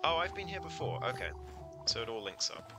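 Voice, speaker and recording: A man's voice: medium pitch, very animated, a little fast, over music, low-quality recording. Playful, giggly man streaming a game. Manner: playful, giggly, thinking aloud. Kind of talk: casual gameplay commentary.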